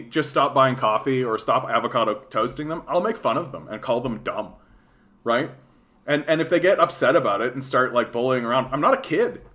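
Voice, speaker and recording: Profane Canadian man ranting politics. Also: medium pitch. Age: 30s. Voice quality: profane, animated, lots of fillers. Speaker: political livestream host. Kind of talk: casual political rant.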